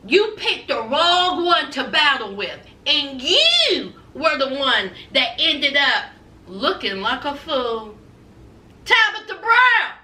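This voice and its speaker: A sassy woman dishes celebrity gossip with a high, lively voice that swoops up and down. She takes her time, stretches her words and calls everyone honey. She sits a little back from the mic in an echoey room. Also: recorded from a distance. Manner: sassy, drawn-out, says "honey" often. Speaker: host. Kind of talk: gossip commentary vlog.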